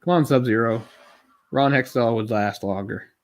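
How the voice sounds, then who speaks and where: A man's voice: medium pitch, moderate pace. Rambling man, under the weather. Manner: rambling, chatty, lots of asides and fillers. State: unwell, keeps swallowing. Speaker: streamer doing live film commentary. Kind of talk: casual live commentary.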